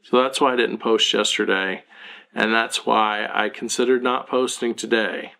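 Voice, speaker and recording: A man's voice: on the low side, fairly even intonation, moderate pace, gravelly, sharp tone. A man in his thirties, a parenting blogger, talking earnestly and self-critically to camera in a confessional vlog.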